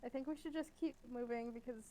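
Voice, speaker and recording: A woman chatting cheerfully while gaming with friends, giggling and dropping quick quips. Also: a little high, fairly even intonation, a loud crowd, rough recording. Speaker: gamer playing a priest. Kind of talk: casual chat while gaming.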